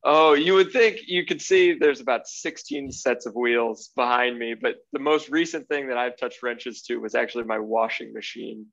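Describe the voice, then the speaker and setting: Casting: young man, laid-back car writer, explains patiently, dull lo-fi video-call sound, mid pitch. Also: moderate pace, creaky, hardly any pauses, a bit bright. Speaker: guest, automotive writer. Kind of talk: casual podcast chat over video call. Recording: muffled lo-fi call audio.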